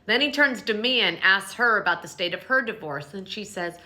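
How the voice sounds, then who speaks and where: A woman with a bright, forward voice runs through a reality show recap in a casual, chatty way. She is sassy and opinionated, with blunt little asides. Her pitch sits in a middle range for a woman. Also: lively intonation, a little fast.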